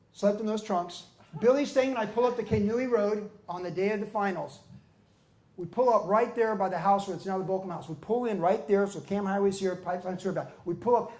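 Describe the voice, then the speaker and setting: High-voiced older man telling surf stories. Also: reverberant. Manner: animated storyteller, acts out quotes with loud shouts and laughs. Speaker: pastor and former pro surfer telling his story. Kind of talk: storytelling talk at a book event. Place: surfing museum event hall.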